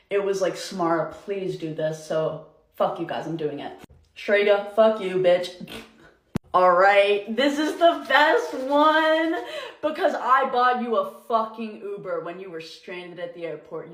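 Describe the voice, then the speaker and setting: Brief: young female influencer, heated profane rant, mid pitch, roomy echo. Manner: angry, profane, emotional rant. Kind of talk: ranting storytime video. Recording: echoey room.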